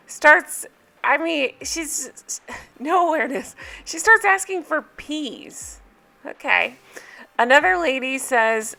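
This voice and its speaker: Woman doing a casual tv recap, gravelly vocal fry, lots of ums. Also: fairly high pitch, bright, forceful tone. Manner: chatty and amused, with frequent ums. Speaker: reality TV recap host.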